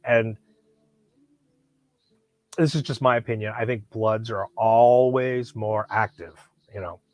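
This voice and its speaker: A man's voice: lowish voice, slow, a little mellow. A man vlogging about knives, telling a rambling, profane story with lots of restarts and bursts of animation. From Hollywood, California. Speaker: knife collector vlogger. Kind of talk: casual storytelling.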